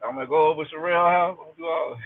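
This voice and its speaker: A man's voice: on the high side, fast talker, dry recording. A man guest on a live chat, laid-back and chuckling, giving short replies. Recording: tinny phone-like call audio.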